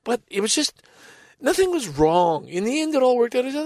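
A middle-aged man telling a casual personal anecdote in a rambling, halting way, with sighs and restarts. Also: very high voice, sing-song, no room sound, studio quality. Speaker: storyteller.

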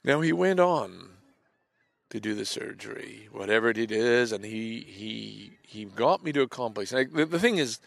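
Gravelly, halting man confiding softly. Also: lowish voice, expressive, no room sound. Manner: halting and repetitive, trailing off into soft near-whispers. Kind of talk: confessional monologue.

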